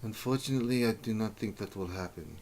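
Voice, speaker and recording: Man doing a guarded monk, quiet and low, measured. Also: a little hiss or hum, natural voice. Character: reserved male monk, grave and guarded.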